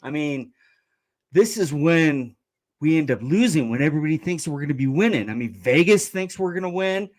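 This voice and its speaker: A Bay Area man phones in to a sports show for a casual chat, his fairly high voice lively in intonation at a normal speed. He speaks hesitantly, restarting and repeating words.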